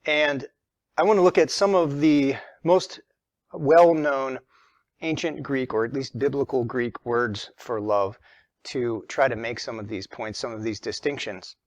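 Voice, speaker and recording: A man teaches a religion lesson, moving methodically from point to point and leaning on key words. His voice sits at an ordinary middle pitch. The recording is dry, with no room echo. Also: a little slow. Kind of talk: explanatory lesson.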